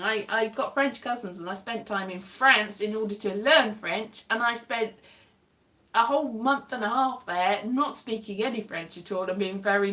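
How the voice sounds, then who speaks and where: A woman's voice: a little high, fairly bright tone. A woman from Wales chatting casually on her livestream, rambling and correcting herself as she goes. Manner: chatty, digressive, self-correcting with frequent laughs. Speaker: livestream host. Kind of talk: rambling casual chat to viewers.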